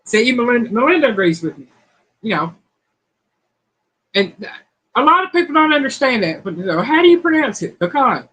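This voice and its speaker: A woman's voice: fairly high pitch, very animated, brisk, pauses often, a bit bright, husky, poor audio. Folksy woman hosting a live chat. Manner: folksy, chatty, playful. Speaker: host of a cooking channel's live chat. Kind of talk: casual live-stream chat, reading quiz questions.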